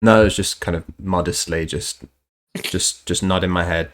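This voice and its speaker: A man's voice: low voice, steady tone, moderate pace. A man bantering sarcastically on a live stream and reading out chat messages. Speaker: streamer co-host. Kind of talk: casual chat.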